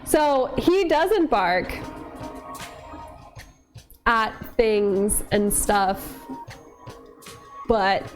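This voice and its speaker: Slow-talking woman chatting while cooking. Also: a little high. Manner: chatty, laughs often, coos at her dog. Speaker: streamer cooking on camera. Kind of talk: casual chat with viewers while cooking. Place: home kitchen.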